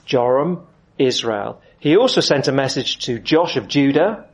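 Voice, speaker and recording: A man preaching through a Bible passage, with quick asides and acted-out voices. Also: medium pitch, expressive. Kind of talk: expository sermon with Bible reading. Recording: dull lo-fi sound.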